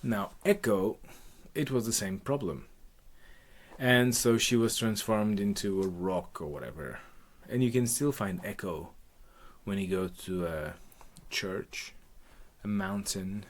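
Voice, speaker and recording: A man's voice: lowish voice, a little slow. A man improvising a rambling, profane comic retelling of a myth, with jokey asides. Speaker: comic storyteller.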